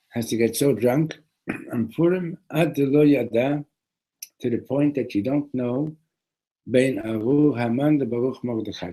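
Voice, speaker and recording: Husky man giving an animated lesson. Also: medium pitch, low-quality recording. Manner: animated, with frequent restarts and repeated words. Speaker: teacher. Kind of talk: classroom lesson on a religious text.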